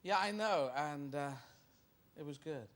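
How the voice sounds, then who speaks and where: A man's voice: fairly high pitch, unhurried, heavy background noise. A man who is a comedian guest, telling rambling, playful stories and slipping into voices for people he quotes. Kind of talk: rambling comic storytelling.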